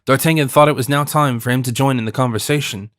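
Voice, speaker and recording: A man's voice: mid-range voice, fairly even intonation, fast talker, a bit bright, no room sound, clean studio sound. Man narrating an audiobook. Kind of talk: scripted narration.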